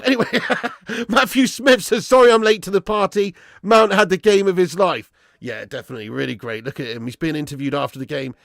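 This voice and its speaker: A man hosting a live football stream, thrilled and talkative, firing off slang as he works through the chat. His slightly high voice carries a gravelly fry and is starting to go hoarse. The sound is close and dry. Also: no echo. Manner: excitable, chatty, slangy, buzzing with joy. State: voice going hoarse. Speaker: football watch-along streamer.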